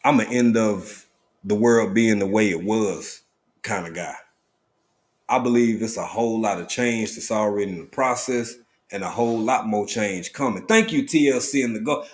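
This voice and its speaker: A man hosting a casual live stream, talking in a relaxed drawl and greeting viewers by name with sudden excited bursts. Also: lowish voice, normal speed.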